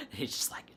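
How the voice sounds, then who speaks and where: Hosting a casual livestream chat, a man rambles through a story, laughing often and leaning on plenty of fillers. His tone is bright and forceful, with slight background noise behind him.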